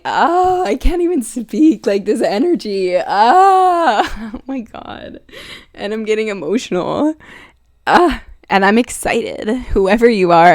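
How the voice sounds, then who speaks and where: Young woman vlogging, all excited and emotional, smooth lowish voice. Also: no room sound, studio quality. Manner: excited and emotional, laughing and gasping often. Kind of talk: casual chat to camera.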